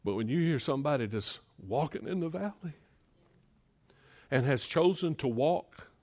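Preacher shifting loud to hushed. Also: male voice, a little high, lively intonation, moderate pace. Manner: swings between loud, emphatic preaching and quiet storytelling. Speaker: pastor. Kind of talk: sermon.

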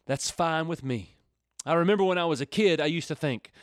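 A man's voice: on the high side, fairly quick, dry recording, studio quality. A middle-aged man teaching and praying on a Christian radio program, earnest and folksy, rising to fervent appeals. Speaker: radio preacher. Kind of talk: radio Bible teaching with prayer.

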